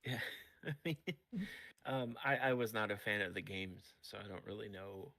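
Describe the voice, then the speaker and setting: Gravelly-voiced man, easygoing and sarcastic. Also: on the low side, moderate pace, sharp tone. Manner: easygoing, laughs often, dry sarcasm. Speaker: guest, voice actor. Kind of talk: casual livestream chat.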